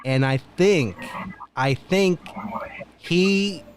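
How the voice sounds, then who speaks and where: A man's voice: high voice, extremely slow, slight background noise. A man hosting a casual livestream as a broadcaster, rambling with frequent laughter and trailing restarts. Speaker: host, broadcaster. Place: home studio.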